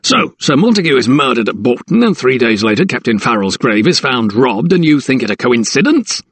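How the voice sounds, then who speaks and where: A man voicing a broad, mean prison keeper in an audiobook, with a gruff, barking, sneering manner. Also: mid-range voice, sing-song, brisk, a bit bright, no echo. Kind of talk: audiobook character voice.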